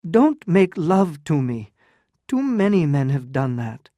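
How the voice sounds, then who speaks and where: Storybook heroine, read aloud by a narrator as a proud, heartbroken young woman pleading with her lover; keep it slow and close. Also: deep voice, very animated, warm tone, no room sound, voice pushed up, exaggerated voice. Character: proud, wounded young countess in love.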